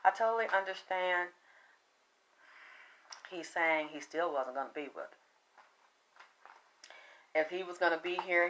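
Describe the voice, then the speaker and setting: A woman's voice: mid-range voice, fairly bright tone, highs cut off. A woman giving a casual tarot card reading, chatty and profane, often breaking into laughter. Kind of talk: casual spiritual reading monologue.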